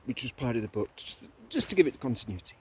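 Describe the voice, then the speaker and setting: On his solo show, a man with a medium-pitched, husky, slightly mellow voice and big pitch swings shares a parable and reads passages from a book he wrote. His delivery is slow and contemplative, drifting between subjects.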